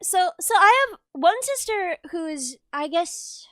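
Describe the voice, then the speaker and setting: Bright, very high-voiced young woman. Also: unhurried, no echo, studio quality. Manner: animated, laughs through her stories. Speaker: streamer. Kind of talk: casual chat, storytelling.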